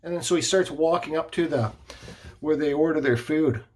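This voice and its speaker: Husky guy kinda high voice, woodcarver rambling through a story on his vlog, lots of restarts. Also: normal speed.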